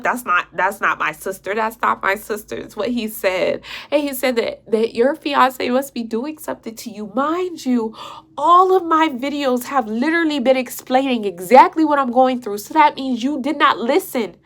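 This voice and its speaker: A woman's voice: on the high side, a bit bright. A young woman vlogging an emotional story, upset, repeating herself and sometimes dropping to a whisper.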